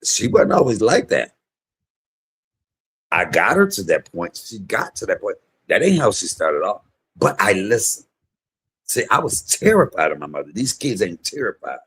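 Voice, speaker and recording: Husky low-voiced man telling stories. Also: moderate pace. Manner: animated, loud imitations of his mother. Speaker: comedian and vlog host. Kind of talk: casual storytelling monologue.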